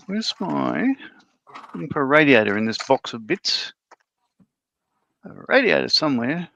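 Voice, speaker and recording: A man's voice: a little high, big pitch swings, normal speed, vocal fry, pauses often, bright, forceful tone, dry recording, highs cut off. A man chatting casually on a stream and muttering to himself as he hunts for model parts. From Australia. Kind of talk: casual livestream chat.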